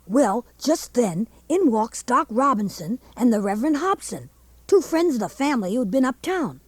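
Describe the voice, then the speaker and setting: A woman's voice: on the high side, very animated, normal speed, breathy edge, no echo. A woman voicing a young teenage boy, who narrates a radio drama in a plainspoken, folksy drawl.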